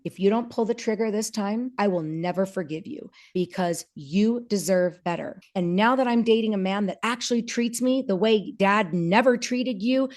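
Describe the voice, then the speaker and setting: Earnest woman, halting and candid. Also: mid-range voice, darkish tone. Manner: earnest, halting with many restarts, acts out quoted dialogue. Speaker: podcast guest. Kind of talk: candid personal conversation.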